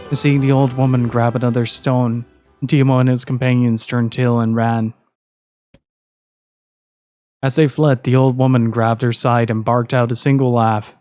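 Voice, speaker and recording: A man reading a story aloud in a steady, measured narration. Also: mid-range voice, over music.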